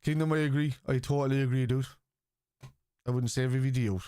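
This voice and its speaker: A man's voice: medium pitch, fairly even intonation, a little fast, mellow, smooth, no echo. A man, chatting live on a football stream, blunt and argumentative with viewers. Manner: blunt and argumentative, swears freely. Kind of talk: casual live-stream chat, answering viewers.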